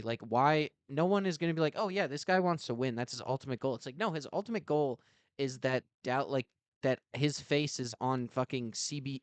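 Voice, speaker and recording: A man's voice: mid-range voice, smooth, no room sound. A man co-hosting a sports podcast, ranting in exasperation about a team owner in casual talk. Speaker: podcast co-host.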